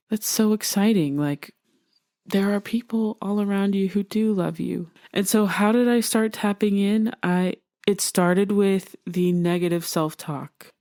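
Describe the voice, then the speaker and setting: A woman's voice: fairly low pitch, darkish tone, dry recording, clean studio sound. Candid woman hosting a podcast. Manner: open and earnest, laughs often, many fillers. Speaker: podcast host. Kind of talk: candid personal podcast talk.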